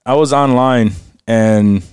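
A man's voice: mid-range voice, takes it slowly, a little mellow, clean tone, no room sound, studio quality. A man hosting a casual podcast, joking around, laughing often and swearing freely. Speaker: podcast host. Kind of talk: casual crude podcast banter.

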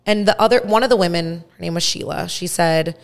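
A woman around thirty telling a story in casual podcast chat, animated and full of "like" fillers. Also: fairly low pitch, fairly quick, gravelly. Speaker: podcast host.

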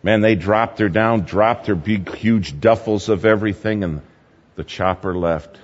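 A man's voice: on the low side, measured pace. A man preaching a sermon, telling stories with animation and repeating his numbered points. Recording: dull lo-fi sound with long hall reverb.

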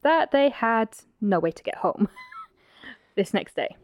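A woman's voice: a little high, animated, slow pace, no echo. Blunt, teasing woman podcaster. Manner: teasing and blunt, narrating a case with asides. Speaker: podcast host. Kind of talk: casual true-crime podcast narration.

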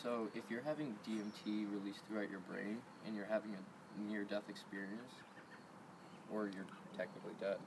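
A man's voice: lowish voice, fairly even intonation, moderate pace, background noise. A man talking casually as a guest, hesitant and restarting sentences, his voice shaking from the cold. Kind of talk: casual conversation.

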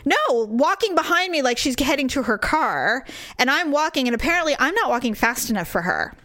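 Lively high-voiced woman, animated storyteller. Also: a little fast, no room sound, clean studio sound. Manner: animated storytelling, acts out quotes. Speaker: podcast co-host. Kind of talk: casual chat.

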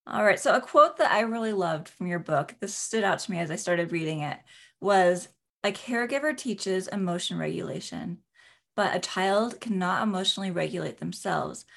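Gravelly-voiced enthusiastic woman interviewer. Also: lowish voice, lively intonation, moderate pace. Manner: enthusiastic, admiring. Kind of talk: interview questions.

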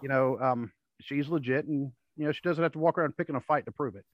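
A man with a medium-pitched voice hosts a casual podcast chat, speaking fast and meandering from story to story while voicing the quotes himself. There's no echo, just dull, dry lo-fi sound.

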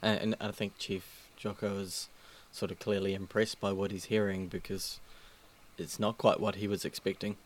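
A man's voice: deep voice, little pitch movement, normal speed, slight background noise. A man co-hosting a casual book discussion, thoughtful and a little hesitant.

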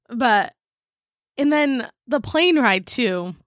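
A woman's voice: a little high, extremely slow, no echo. A young woman chatting casually as a guest in a studio, telling stories with lots of laughter and acted-out quotes. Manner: animated storyteller, laughs often, acts out quotes. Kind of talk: casual chat.

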